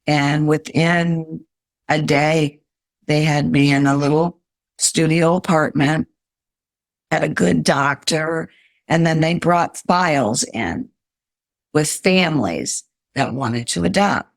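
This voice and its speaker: A woman's voice: low-pitched, slow pace, gravelly, dry recording, clean studio sound. An older woman, a podcast guest, earnestly telling her life story in an interview.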